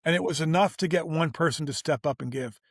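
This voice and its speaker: A business owner appears as a guest on an interview show, telling a story in an informal, animated, slangy way and voicing everyone he quotes. He talks quickly in a voice a bit higher than most men's. The recording is close and dry, with no echo or room sound.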